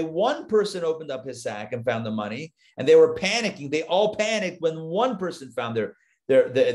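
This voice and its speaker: A man teaches a live Torah class, retelling the scripture in an animated, conversational way. His voice sits a little high for a man, and he slips into the characters' lines with casual asides between them. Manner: animated storytelling, acts out the biblical lines, chatty asides.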